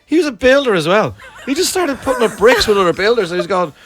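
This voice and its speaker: A middle-aged Irish man, a comedian, telling animated stories in a casual interview and slipping into voices for the people in them. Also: sits high, slight background noise. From Ireland. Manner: quick, animated, puts on voices for anecdotes. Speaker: comedian guest. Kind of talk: animated storytelling chat.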